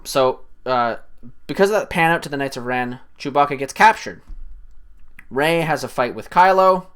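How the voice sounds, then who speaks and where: A man giving a rambling, swear-filled casual recap of a film he just watched, his voice jumping up when excited. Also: mid-range voice. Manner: animated, voice jumps up when excited. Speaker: streamer.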